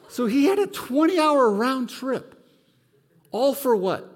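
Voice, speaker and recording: A pastor speaks in a very high-pitched, unhurried voice, his sound carrying through a large hall. He is delivering a sermon in the church sanctuary, animatedly telling a personal story and voicing its characters.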